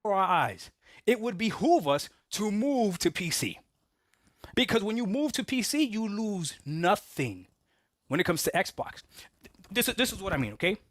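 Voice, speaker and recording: Man in a clip: fairly high, animated voice, dry, insistent lecturing tone. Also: normal speed, no echo. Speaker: video commentator. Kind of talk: argumentative commentary.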